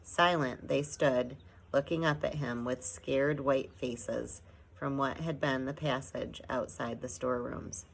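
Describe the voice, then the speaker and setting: A woman narrating a children's storybook in a measured, gentle way. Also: a bass voice, steady tone, gravelly, breathy edge, rough recording. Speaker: audiobook narrator.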